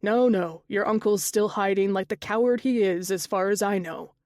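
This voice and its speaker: A woman voicing a wry, easygoing male shaman with a gravelly edge, speaking in a teasing, reassuring way in an audiobook. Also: medium pitch, normal speed, a little mellow, dry recording, studio quality, lightly acted. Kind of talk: audiobook character dialogue.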